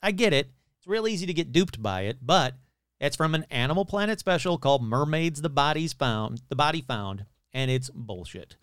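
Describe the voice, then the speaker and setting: Male podcast host, loose and skeptical, with a smooth, clear voice recorded dry and close. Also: on the high side, lively intonation, moderate pace, fairly bright tone, no room sound. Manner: casual, swears, sarcastic skeptical asides. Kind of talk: casual storytelling podcast.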